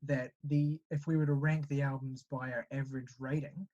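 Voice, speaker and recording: A man's voice: mid-range voice, level tone, normal speed, darkish tone, muffled recording. A man co-hosting a casual podcast chat, blunt and joking, with swearing. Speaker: podcast co-host.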